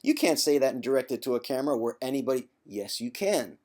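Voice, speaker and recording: A man's voice: mid-range voice, big pitch swings, fast talker, a little mellow. Man giving teasing tough-love advice. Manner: conversational, with frequent throat clearing. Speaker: former chronic pain sufferer giving advice. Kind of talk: direct-to-camera vlog monologue.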